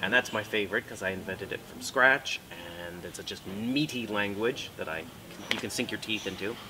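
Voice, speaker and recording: American guy being interviewed, relaxed and joking, bit low voice, noisy fair hall. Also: normal speed. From United States. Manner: relaxed and chatty, with playful asides. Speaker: guest author. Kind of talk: casual interview answers. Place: book fair.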